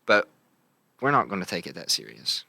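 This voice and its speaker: Low-pitched with vocal fry and a sharp tone, this young man from Logan hosts a casual podcast at a moderate pace, his pitch swooping wildly. He's a playful storyteller who keeps adding "right?", and there's no echo.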